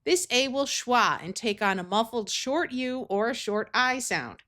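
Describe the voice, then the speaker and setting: Woman, American accent, phonics tutor, slow deliberate pace, breaks words into sounds. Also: a little high, expressive, sharp tone. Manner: careful, sounds out words in parts. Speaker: reading tutor.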